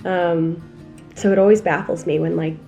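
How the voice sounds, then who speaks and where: In her city apartment, a young woman films a casual confessional vlog, rambling candidly and poking fun at herself. Her fairly low voice is mellow and steady at a moderate pace, with soft music in the background.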